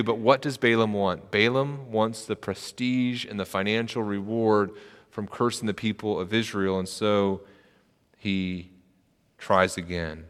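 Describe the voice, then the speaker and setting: A male pastor delivers a sermon in a bright, forceful voice, retelling an old story and putting on the speakers' lines as he goes. His voice rings with a long reverb from a large hall. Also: lowish voice, fairly even intonation, a little slow, clean tone. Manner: retells the story with acted quotes.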